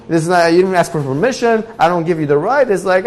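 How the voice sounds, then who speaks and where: Guy teaching a torah class, tells the story big, voice jumps way up when he does the characters, kinda high voice. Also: fairly quick, hardly any pauses. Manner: animated storyteller, acting out characters with big jumps in pitch and loudness. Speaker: rabbi giving a Torah class.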